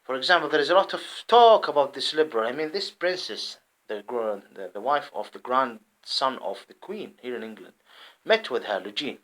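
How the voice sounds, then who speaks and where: A man from the Arab world, based in England, delivering a rambling, impassioned monologue to camera. He often repeats himself and swings between loud outbursts and muttering. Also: medium pitch, animated, moderate pace, poor audio. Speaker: vlogger. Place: at home in England.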